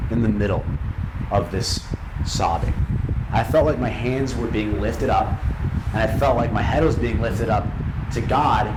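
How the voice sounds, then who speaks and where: A young man giving a personal testimony speech at a live event, earnest and emotional, with dramatic pauses. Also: medium pitch. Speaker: speaker at an event. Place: large hall at a live event. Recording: echoey hall with background noise.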